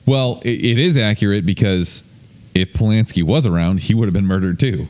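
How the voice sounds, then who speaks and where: A man's voice: fairly low pitch, normal speed, a little mellow. A man hosting a podcast in loose, rambling casual chat, swearing freely. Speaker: podcast host. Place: indoor room, streamed on video.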